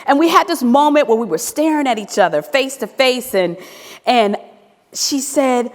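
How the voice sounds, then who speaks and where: Lively woman storyteller in a reverberant hall. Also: sits high, moderate pace. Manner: animated, acts out dialogue. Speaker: former teacher giving a talk. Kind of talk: storytelling talk.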